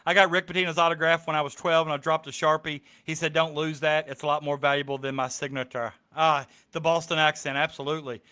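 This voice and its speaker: Bright, chatty man. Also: fairly high pitch. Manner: rambling, chatty, lots of ums. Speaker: podcast co-host. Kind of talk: casual chat on a stream. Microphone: streaming mic.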